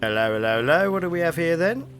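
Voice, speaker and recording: A man voicing a gruff, lazy male London street copper in a point-and-click game, talking in brash Cockney rhyming slang. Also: a little high, lively intonation, quick pace, a bit bright, faint music behind, pitched above the performer's own voice.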